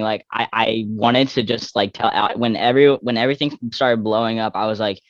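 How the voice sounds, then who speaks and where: Young male guest from Texas, lowish voice, rambling casual talk, dull dry lo-fi sound. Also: fairly even intonation, dry recording. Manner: rambling, heavy filler "like", quick restarts. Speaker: guest athlete.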